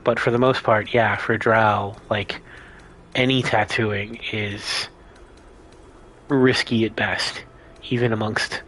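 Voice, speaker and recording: A man's voice: on the low side, steady tone, slow, long pauses, fairly bright tone. A man hosting a casual let's play, rambling and explaining his choices as he thinks aloud. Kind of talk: casual gameplay commentary.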